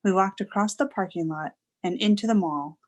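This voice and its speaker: A woman reading a children's chapter book aloud in a lively, expressive way. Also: medium pitch, moderate pace. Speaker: reader.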